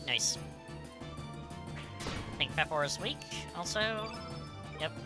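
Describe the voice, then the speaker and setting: A woman's voice: sits low, lively intonation, slow pace, loud music behind the voice. A woman streaming herself playing a game, chatting and reacting aloud in a casual way, sometimes humming.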